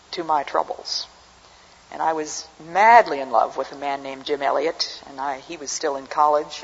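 A woman's voice: low voice, husky. An older woman giving an earnest, reflective personal testimony as a speaker. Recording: dull recording with long hall reverb.

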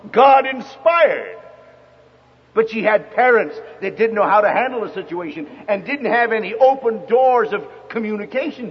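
Older guy preaching, husky, swoops up and down a lot, big echoey hall, lo-fi. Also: high voice. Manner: storytelling with quoted dialogue, emphatic. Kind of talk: sermon. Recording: dull lo-fi recording with long hall reverb.

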